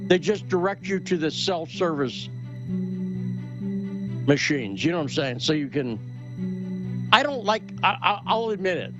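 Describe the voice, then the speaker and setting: Brief: high-pitched male host, sarcastic and combative, muffled recording with music. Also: animated, a little slow, pauses often. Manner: sarcastic, combative, rhetorical questions. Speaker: podcast host. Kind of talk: opinionated commentary chat.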